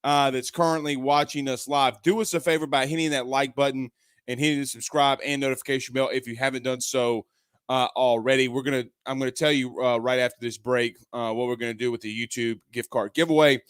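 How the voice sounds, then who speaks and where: A man's voice: medium pitch, fairly even intonation, fairly quick, clear, resonant tone, dry recording, studio quality. A man hosting a live sports talk show, chatting loosely with lots of fillers and restarts.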